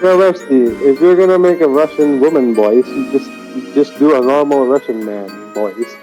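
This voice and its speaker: A man's voice: mid-range voice, normal speed, mellow, muffled recording, soft background music. A man watching a friend play a game, tossing in blunt, teasing questions. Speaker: co-host friend. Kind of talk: casual game banter.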